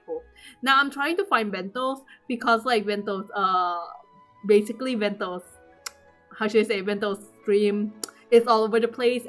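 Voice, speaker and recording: A woman recapping her game pulls in casual commentary, excitable and swearing, acting out her own squeals. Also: medium pitch. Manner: trails off with fillers and restarts. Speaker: gaming vlogger. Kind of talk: casual gaming commentary over gameplay.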